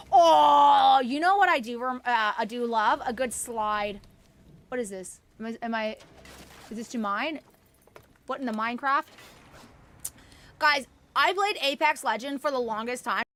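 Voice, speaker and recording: A woman from Canada, chatting casually and excitably on a gaming livestream, swearing and cooing at her dogs. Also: a little high, slight background noise. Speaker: streamer.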